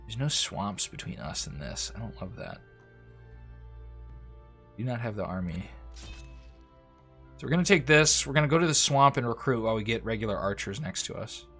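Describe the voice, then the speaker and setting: Faint game music plays behind a man commentating casually on his strategy game, frequently speaking to the on-screen units. He has a lowish, fairly bright voice and sounds very animated, keeping a moderate pace broken by long pauses.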